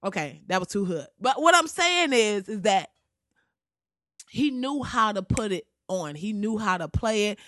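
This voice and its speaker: A woman's voice: medium pitch, sing-song, unhurried, fairly bright tone, no room sound, studio quality. A woman hosting a show, delivering a blunt, heated comedic rant full of swearing and slang.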